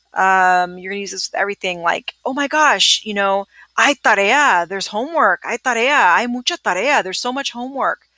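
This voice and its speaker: A woman's voice: mid-range voice, sharp tone. A woman teaching Spanish vocabulary, patiently repeating each word so students can say it back. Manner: patient, repeats words slowly for students to echo. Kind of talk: recorded vocabulary lesson.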